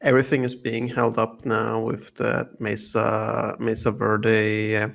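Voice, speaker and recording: A man's voice: on the low side, monotone, unhurried, gravelly, a bit bright. A man co-hosting a podcast in casual chat, rambling and laughing between points. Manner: rambling, many fillers and restarts, laughs often. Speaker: podcast co-host.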